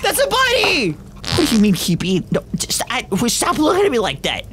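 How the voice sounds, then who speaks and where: A woman hosting gameplay commentary, excitable and reactive, often breaking into shouts. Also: high voice, normal speed, slight background noise. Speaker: gaming video host. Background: game music.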